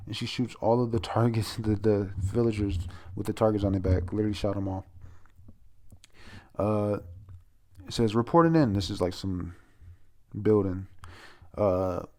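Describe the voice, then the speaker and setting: A man's voice: on the low side, flat delivery, a little slow, pauses often, mellow. A man casually reviewing a manga chapter aloud, rambling, stumbling over names, laughing and swearing as he goes.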